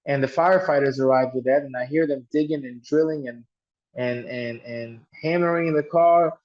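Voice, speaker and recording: A man's voice: medium pitch, moderate pace, highs cut off. A man telling a personal story earnestly, often restarting and repeating words. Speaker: guest telling his story.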